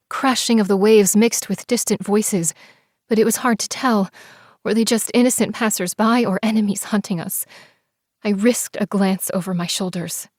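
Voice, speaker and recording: A woman narrating a first-person romance audiobook, expressive and sometimes dropping to soft whispers. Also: mid-range voice, no echo, clean studio sound. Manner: expressive, breathless in tense scenes, shifts into soft whispers.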